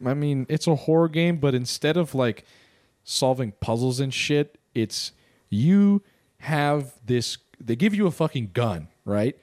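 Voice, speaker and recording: A man's voice: medium pitch, lively intonation, a little slow, a little mellow, no room sound, studio quality. A young man co-hosting a podcast, chatting casually and explaining at length, swearing freely. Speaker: podcast co-host. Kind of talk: casual chat.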